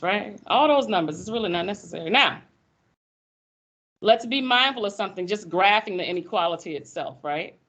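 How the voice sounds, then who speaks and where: A woman teaching math in a classroom, lively and folksy, teasing her students as she explains. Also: mid-range voice, brisk. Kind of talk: classroom lecture.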